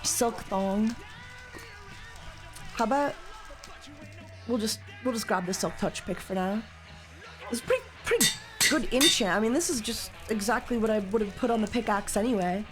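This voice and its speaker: A woman streamer chatting casually while she plays a game, joking and swearing, and now and then bursting into loud mock rants. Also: medium pitch, normal speed, pauses often, music in the background.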